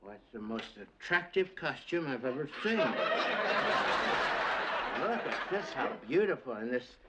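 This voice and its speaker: An actor playing an excitable, childlike alien son who giggles and marvels at what he finds, in 1970s sitcom acting. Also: mid-range voice, unhurried. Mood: excited, giggly. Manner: giggly, wondering. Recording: noisy old TV sitcom audio.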